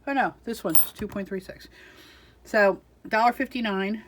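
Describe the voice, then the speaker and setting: Woman vlogger, casual haul chat, medium pitch, faint crinkling paper behind. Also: a little slow, a little hiss or hum. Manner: chatty, self-deprecating, giggly. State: out of breath.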